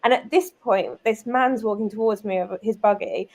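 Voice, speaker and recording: A British woman in her thirties, a guest and business owner, telling stories in a lively, chatty way full of "like" and "um". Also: mid-range voice, normal speed. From United Kingdom. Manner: lively, chatty, many fillers like "like" and "um". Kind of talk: casual conversational storytelling.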